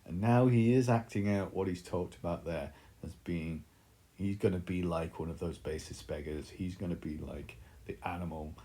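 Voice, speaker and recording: Man, deep voice, mellow dark tone, thoughtful teacher, explaining. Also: moderate pace. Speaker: literature teacher. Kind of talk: recorded literature lesson.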